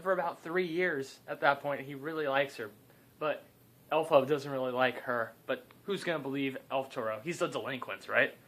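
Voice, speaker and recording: A man's voice: mid-range voice, normal speed, fairly bright tone. A young man improvising a comedic story, rambling and cutting in with joking asides.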